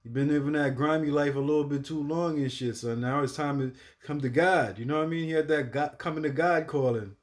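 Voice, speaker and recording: A man hosting a reaction video in casual commentary. He talks loosely in slang, swears often, keeps asking "you know what I mean", restarts his words while thinking aloud, and breaks into loud, high exclamations. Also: steady tone, a little fast, hardly any pauses.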